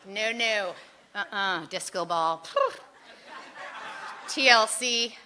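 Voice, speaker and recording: Middle-aged woman, bright forceful voice, animated chatty storyteller sharing at a meeting. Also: mid-range voice, extremely slow, a little hiss or hum. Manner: chatty and animated, laughing, lively asides. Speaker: speaker sharing at a recovery meeting. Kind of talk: personal story told to a live meeting.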